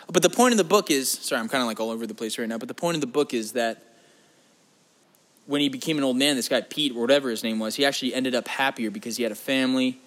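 A young vlog host talks straight to his audience in a loose, rambling monologue, swearing constantly, cracking crude jokes, and drifting from tangent to tangent. His voice is mid-range and fairly bright.

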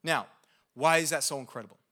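Man, pastor, sermon, bright tone, slightly high pitch, conversational, checks in often. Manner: conversational, checks in with "okay?" and "right?"; energetic and animated, with quick asides.

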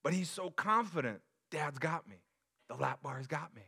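A pastor in his thirties preaches with the energy of a storyteller, slipping into other people's voices as he goes. His voice is bright and forceful. It sits a little higher than most men's. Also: normal speed, creaky, slightly rough. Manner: animated storyteller, acts out voices. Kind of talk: sermon with personal stories.

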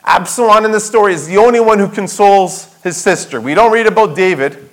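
A male pastor delivers a sermon with a high, ringing voice. He presses his points with rhetorical questions and repeats key phrases for emphasis. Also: fairly quick, poor audio. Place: church sanctuary.

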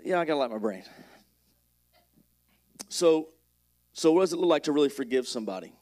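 A man in the pulpit of a church, preaching in a loose, conversational way and cracking jokes between scripture readings. His voice sits a bit high for a man, and he swings from lifted, ringing reading down to quiet asides. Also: expressive, brisk. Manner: conversational, joking preaching, reads scripture aloud with rising energy. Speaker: pastor. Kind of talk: sermon.

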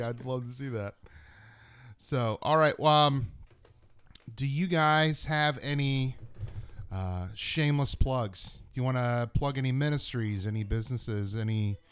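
A man hosting a casual interview podcast, agreeable and chuckling, with quick wisecracks. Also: medium pitch, clean tone. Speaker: podcast host.

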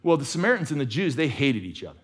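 A male pastor preaching a sermon, moving between conversational asides with restarts and fervent urging that climbs higher and louder. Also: big pitch swings, racing, a little hiss or hum.

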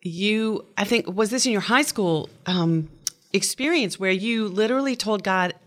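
A woman co-hosting an interview, asking gentle, probing questions. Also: mid-range voice, measured pace.

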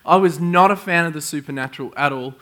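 A middle-aged man preaching a sermon to a congregation, telling stories with excitable energy and frequent chuckles. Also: fairly high pitch, fast talker. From Australia. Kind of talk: sermon with storytelling. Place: church in front of a congregation.

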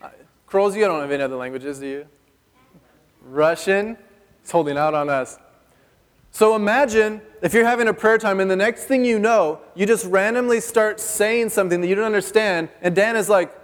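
A man's voice: sits high, normal speed. A male pastor preaching a sermon in a church hall, chatty and joking, asking the congregation questions. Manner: conversational and joking, asks the audience questions. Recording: long reverb of a church hall.

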